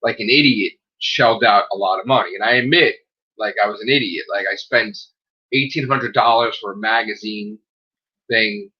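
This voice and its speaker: A man's voice: on the low side, moderate pace, breathy edge, muffled recording. A man, a self-published author, chatting casually on a livestream, swearing and acting out what people said. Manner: animated storyteller, swearing, acting out dialogue.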